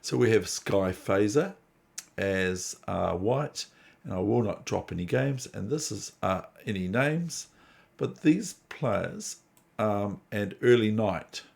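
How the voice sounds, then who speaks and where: Gravelly, rambling New man. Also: fairly low pitch, expressive, slow pace, a little mellow. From New Zealand. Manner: digressive, chatty, self-deprecating. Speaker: chess channel host. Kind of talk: casual rambling commentary.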